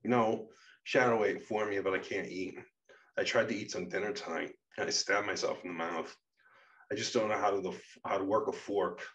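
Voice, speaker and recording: A man voicing a fifteen-year-old boy alter who speaks quietly, haltingly and near tears. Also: fairly low pitch, steady tone, far from the mic, muffled recording, natural voice. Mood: lost. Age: fifteen as figure. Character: shaken teenage boy alter, lost and tearful.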